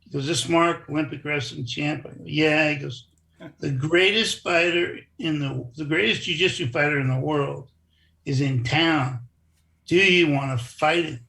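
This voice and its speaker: Man, gravelly voice, somewhat high pitch, casual storytelling, acts out quotes. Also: normal speed, pushed and bright. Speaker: interview guest, former wrestler.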